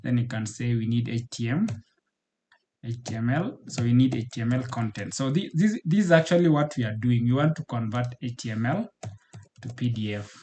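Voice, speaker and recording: Halting man narrating code as he types. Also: mid-range voice, darkish tone, a little hiss or hum. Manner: halting, repeats words while typing, frequent fillers. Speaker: programming tutor. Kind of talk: screen-recorded coding walkthrough.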